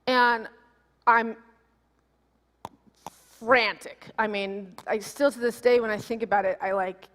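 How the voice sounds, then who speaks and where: A woman's voice: on the high side, takes it slowly, pauses often. Woman preaching in a reverberant hall. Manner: animated, emotional storytelling with acted quotes. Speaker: minister. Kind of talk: sermon with personal storytelling. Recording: long reverb of a large hall.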